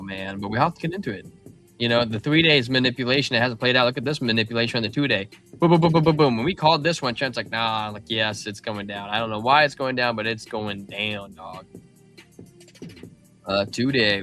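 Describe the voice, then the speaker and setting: A man hosting a live crypto chart stream, talking loosely and excitedly with slang like man and bro. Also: lowish voice. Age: adult father of a young child. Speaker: crypto livestream host. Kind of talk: casual market chart commentary.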